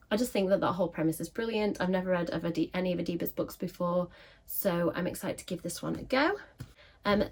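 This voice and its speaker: A woman with a scratchy voice, chatting casually to camera as a book vlogger with frequent filler ums. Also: fairly low pitch.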